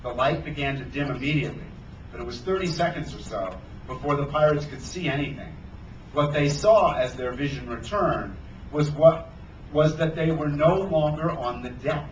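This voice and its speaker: A man, an author, reading a children's adventure novel aloud at a bookstore event with animated storytelling. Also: a little high, normal speed, dull audio, a little hiss or hum. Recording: roomy sound from a distance.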